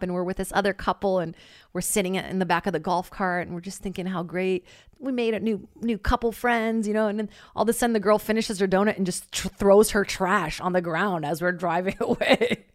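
A woman telling a long story in casual chat, animated and swearing freely, with lots of "like" and loudly acted-out quotes. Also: medium pitch, a little fast, no room sound, studio quality. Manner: heavy use of filler "like".

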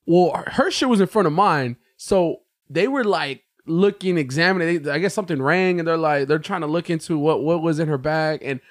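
A young American man, a podcast co-host, telling a story in casual chat, animated and profane, jumping into a raised voice when he quotes himself. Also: on the high side, moderate pace, hardly any pauses, no room sound, studio quality.

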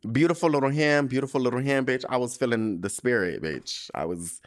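A man's voice: medium pitch, moderate pace, gravelly. A man hosting his own podcast in a casual solo monologue, sassy and profane with plenty of slang and laughter, sounding weary and stressed. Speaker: podcast host.

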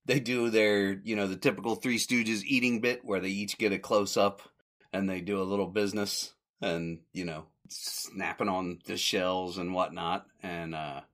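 Man rambling through a bright recap. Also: sits low, steady tone, normal speed. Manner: rambling, self-correcting, chuckles at the jokes. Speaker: podcast host. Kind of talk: casual recap commentary.

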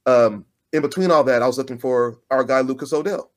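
A man co-hosting a podcast in casual chat, an animated storyteller who acts out the voices of the people he quotes. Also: medium pitch, a little fast. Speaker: podcast co-host.

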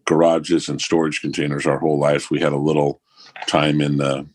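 A man telling a profane, animated story in casual conversation. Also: rumbling low, normal speed, no echo. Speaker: musician guest.

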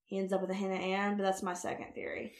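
A woman co-hosting a casual podcast, chatty and playful as she trades quips. Her pitch sits in a middle range for a woman. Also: completely flat delivery, fast talker. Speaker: podcast co-host. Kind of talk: casual chat.

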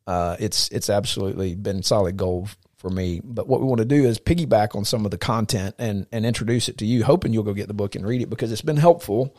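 Man, podcast host, casual faith chat, earnest, fairly low voice, dry close sound. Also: fast talker, hardly any pauses, a little mellow, no room sound. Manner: earnest, repeats words as he thinks.

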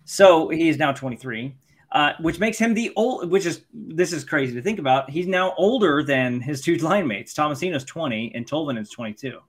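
A man's voice: a little high, expressive, moderate pace, slightly rough. A man co-hosting a sports podcast in casual chat, analytical and focused on statistics. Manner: analytical, stat-focused breakdown. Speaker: podcast co-host.

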